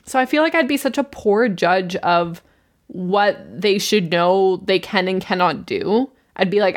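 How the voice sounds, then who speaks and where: A woman in her twenties talks at an ordinary, middle pitch in a relaxed podcast chat. She recaps a show with dry, wry remarks and laughs easily along the way. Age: 20s. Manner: chatty, wry, quick to laugh. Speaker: podcast co-host.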